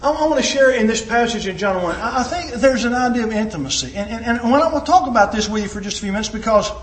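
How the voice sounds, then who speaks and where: High-voiced man preaching a sermon. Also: expressive, fast talker, reverberant. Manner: emphatic, dramatic swings in pitch and loudness.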